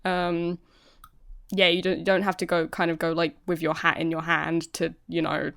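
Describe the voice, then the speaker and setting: A woman's voice: lowish voice, little pitch movement, normal speed, vocal fry, fairly bright tone, dry recording, clean studio sound. A woman co-hosting a podcast in frank, casual chat, using lots of fillers. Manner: laughs easily, casual and frank, filler-heavy. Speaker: podcast co-host.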